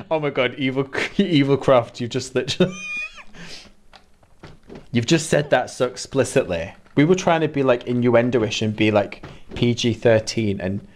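A man's voice: medium pitch, unhurried. A man commentates live over his game from an indoor room, his mid-range voice jumping between mock outrage and laughter. He reads and teases his chat as he plays. A faint noise sits under the recording. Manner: animated, exclaiming, laughing, teasing chat. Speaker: game streamer.

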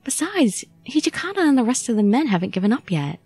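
A woman voicing an earnest young heroine who pleads in a high, urgent voice. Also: very animated, fast talker, darkish tone, husky, no echo, soft background music, heavily acted.

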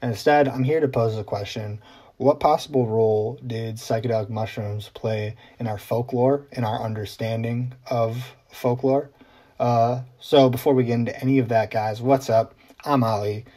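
A man talks straight to camera as host of his own explainer vlog. His voice is mellow and warm at an ordinary middle pitch. He keeps it chatty, with ums and little asides. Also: fairly even intonation, normal speed. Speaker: journalist host.

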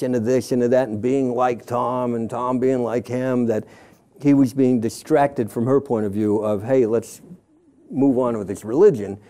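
A man's voice: mid-range voice, mellow. A middle-aged man, a former church member, telling his story in a candid, rambling way, often stopping himself and quoting what others said. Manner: rambling, self-interrupting, quotes others in passing.

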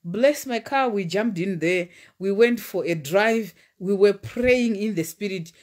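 A woman's voice: mid-range voice, measured pace. A woman, preaching and sharing testimony in fervent, repetitive declarations. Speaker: preacher and relationship coach. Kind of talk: livestream sermon with personal testimony.

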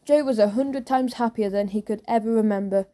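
A woman narrating a children's audiobook with lively storytelling. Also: a little high, a little fast.

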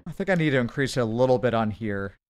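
A man's voice: mid-range voice, heavy background noise. A man hurriedly commenting on a live racing game stream and chatting with his viewers. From United States. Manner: hurried, excitable, chats with viewers.

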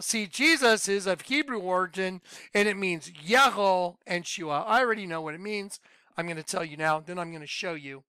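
Emphatic man teaching Bible, bright voice. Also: high-pitched, clean tone, dry recording. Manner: emphatic, quizzing the viewer with yes-or-no questions; swings between loud outbursts and muttered asides. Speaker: self-styled Bible teacher. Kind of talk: informal Bible teaching video.

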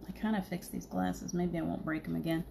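A woman talks through a casual livestream, wandering from thought to thought and breaking into laughter often. Her voice sits on the low side. A faint hum stays in the background. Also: level tone, fairly quick, creaky, mellow. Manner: chatty, laughing often, rambling. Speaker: spiritual medium, livestream host.

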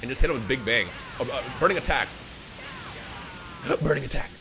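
A young man giving casual, joking commentary on a game he is playing, with sudden loud outbursts and slang. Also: mid-range voice, expressive, moderate pace. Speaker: gaming video creator. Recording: voice over game music.

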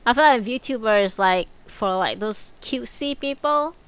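A woman streamer chatting casually on a live stream, blunt and dry, swearing freely and low on energy. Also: animated, moderate pace, clear, resonant tone.

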